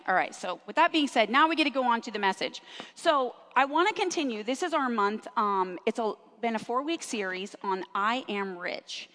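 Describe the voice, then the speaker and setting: A middle-aged woman pastor preaching a lively sermon in a church, drawing amens from the congregation. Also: mid-range voice, big-room sound. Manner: lively, engaging the congregation with call-and-response. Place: church sanctuary. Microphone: handheld or clip microphone.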